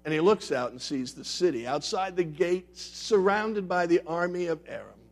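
A male pastor preaches with a gravelly, slightly high voice. He tells stories dramatically, swinging from loud to hushed. Soft music plays faintly behind him. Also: normal speed. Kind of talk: sermon with storytelling.

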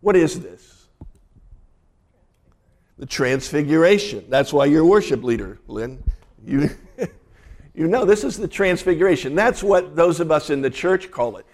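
A man, a pastor, delivering a sermon and retelling scripture in a lively storytelling way. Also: fairly high pitch.

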